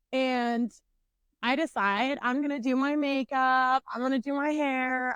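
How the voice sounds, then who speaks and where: Podcast co-host, young woman, high pitch, profane and animated storyteller. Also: moderate pace, smooth, dry recording. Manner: blunt, swears constantly, animated.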